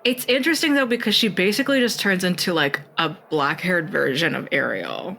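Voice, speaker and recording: A young man co-hosting a comedy podcast, rambling and hesitant, quick to laugh. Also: sits high, animated, creaky, pushed and bright, low-quality recording. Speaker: podcast co-host. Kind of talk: casual comedic chat.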